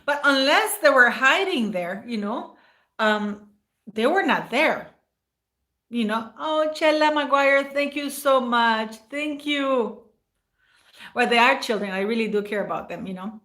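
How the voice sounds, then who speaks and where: A woman's voice: fairly high pitch, unhurried, long pauses, a bit bright. Rambling, emotional woman chatting on a livestream. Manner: rambling and emotional, often tearful, thanks viewers by name. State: near tears at times. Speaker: livestream host. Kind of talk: casual livestream chat.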